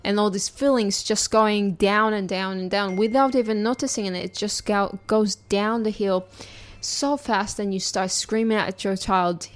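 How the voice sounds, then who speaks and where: Woman podcast host, mid pitch, earnest and encouraging tone, talks straight to the listener. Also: steady tone, a little slow, few pauses. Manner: earnest, reassuring, speaks directly to listeners.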